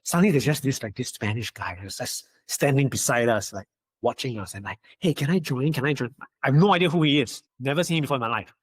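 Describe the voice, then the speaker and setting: A young man and podcast guest in casual chat, telling animated stories, acting out quotes and often stammering through restarts. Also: medium pitch, fast, husky, no room sound.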